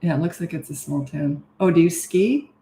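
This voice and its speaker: A woman's voice: low-pitched, moderate pace, warm tone, slight background noise. An older woman, a parenting coach, chatting casually as she hosts a live stream, greeting viewers and laughing often. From Canada and Australia. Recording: roomy echo.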